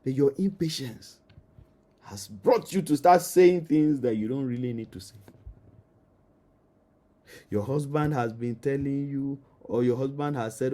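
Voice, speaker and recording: A man's voice: a little high, animated, normal speed, a little mellow. A man with a Nigerian accent, a marriage counselor giving an emphatic teaching that addresses the listener directly and repeats key phrases.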